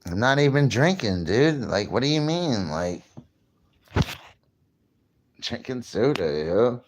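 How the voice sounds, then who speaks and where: A man's voice: medium pitch, sing-song, slow pace, a little hiss or hum. A tipsy man rambling in a profane, boastful way and laughing at himself as he mixes fish science with street slang. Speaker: fishing vlogger. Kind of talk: casual rambling monologue.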